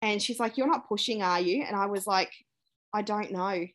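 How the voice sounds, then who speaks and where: On a podcast, a young woman from Australia gives a frank, spirited account of a personal experience, imitating what people said and breaking into laughter. Her pitch is mid-range and her pace moderate.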